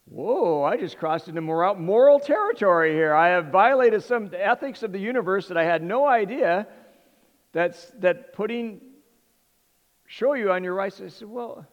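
Speaking at normal speed, a middle-aged man from Southern California with a voice that sits high recounts a humorous story of his own to a crowd. The audio is dull with a long reverb tail, and he's animated, rambling and constantly restarting his lines.

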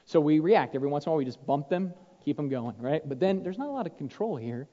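A man preaching a sermon to fathers, stressing points loudly and then dropping to hushed asides. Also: a little high, lively intonation, quick pace. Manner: emphatic, swings between loud stress and hushed asides. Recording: echoey hall, dull sound.

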